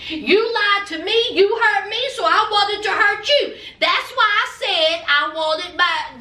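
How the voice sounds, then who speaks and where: A woman's voice: very high voice, pushed and bright, far from the mic. A woman voicing an angry, scorned young woman in a casual recap, talking bluntly and repeating accusations. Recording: echoey room, away from mic.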